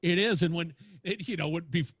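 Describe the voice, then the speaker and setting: A man with a big booming voice telling stories animatedly as a podcast guest, acting out quotes as he talks. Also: a little fast, fairly bright tone, dry recording. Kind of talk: lively storytelling interview. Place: home studio with lights.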